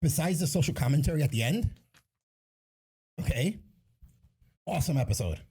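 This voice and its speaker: A man hosts a casual podcast in an easygoing way, laughing along with his co-host. His voice is slightly husky and mellow, and his pitch moves around a lot, with a somewhat raised tone for a man. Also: lively intonation, moderate pace. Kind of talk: casual chat.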